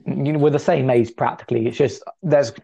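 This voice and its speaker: A man of twenty co-hosting a casual podcast chat, talkative and self-deprecating, his pitch often jumping up. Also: fairly quick, vocal fry, husky. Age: 20s. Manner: chatty, self-deprecating, lively pitch jumps. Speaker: podcast co-host.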